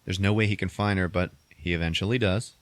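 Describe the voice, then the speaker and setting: Male podcast host, deep voice, dry sound, animated profane storyteller. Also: fast, no echo. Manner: animated storytelling, swearing, acting out characters in squeaky voices. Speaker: podcast host recapping a movie. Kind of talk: casual chat.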